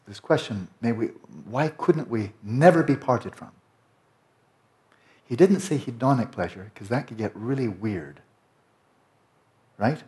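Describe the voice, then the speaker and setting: A man teaching a Buddhist Dharma talk, explaining slowly and lingering over Tibetan and Sanskrit terms. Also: fairly low pitch, darkish tone. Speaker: meditation teacher.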